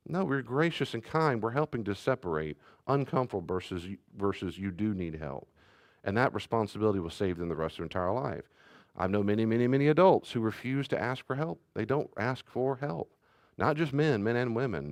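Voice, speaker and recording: A man's voice: medium pitch, lively intonation, fast, dry recording, clean studio sound. A middle-aged man, a pastor, giving a teaching talk on parenting and acting out the voices of a child and a parent as he tells stories.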